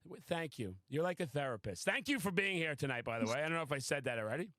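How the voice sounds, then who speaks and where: A high-pitched man hosts a casual podcast chat, talking in an excitable, boastful rush and swearing freely. His voice is recorded dry and close, with no room sound around it. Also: fast talker, dry recording. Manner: excitable, boastful, profane storytelling. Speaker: podcast host.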